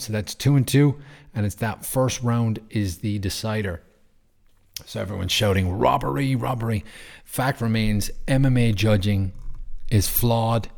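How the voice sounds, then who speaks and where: Guy on his podcast going off, blunt and sweary, kinda low voice. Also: darkish tone. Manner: blunt, profane, ranting. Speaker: podcast host. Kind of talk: casual opinion chat.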